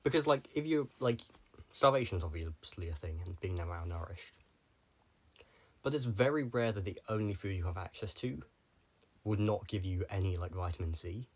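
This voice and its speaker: A man's voice: deep voice, animated, normal speed. A young man talking casually to the camera, rambling from one tangent to the next with lots of filler words. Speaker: vlogger.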